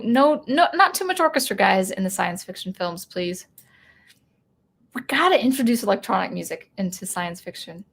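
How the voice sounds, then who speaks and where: Reading out comments from viewers, this music channel host rambles in a relaxed way and keeps starting over. Her voice is mid-pitched and a touch bright, with some vocal fry.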